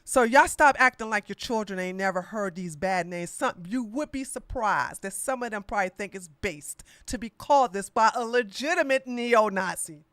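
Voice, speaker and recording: A woman's voice: mid-range voice, moderate pace, hardly any pauses, fairly bright tone, dry recording, studio quality. A woman hosting a political podcast, talking in a blunt, sassy, mocking way with lots of slang. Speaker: podcast host. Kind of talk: casual political commentary.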